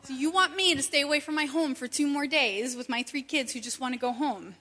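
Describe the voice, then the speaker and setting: A woman in her thirties telling a personal story in an animated, conversational way, with many asides. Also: sits high, brisk. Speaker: speaker sharing a personal testimony. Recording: long reverb from a hall.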